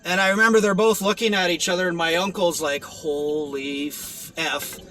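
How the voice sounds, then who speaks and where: A man's voice: high voice, quick pace, bright, forceful tone, low-quality recording. A young man giving a rambling, earnest personal testimony, with many restarts and fillers. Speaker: testimony vlogger.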